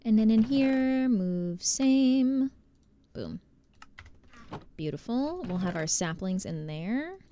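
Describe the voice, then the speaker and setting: A woman's voice: on the high side, very animated, takes it slowly, pauses often, warm tone, a little hiss or hum. A woman from New Jersey with a New Jersey accent, chatting casually with viewers while she plays a game on a live stream. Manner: chatty, reads chat aloud and greets viewers.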